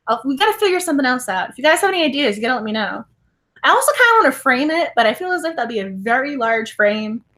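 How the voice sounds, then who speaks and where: Giggly high-voiced woman rambling on her book vlog, super excitable. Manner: giggly and excitable, laughs often; rambling, self-correcting storytelling. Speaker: book vlogger. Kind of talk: casual chat.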